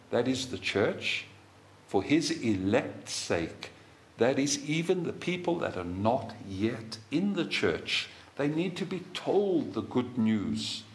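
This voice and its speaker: Guy preaching a sermon real slow, lots of repeating lines, roomy echo around him. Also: mid-range voice. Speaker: pastor.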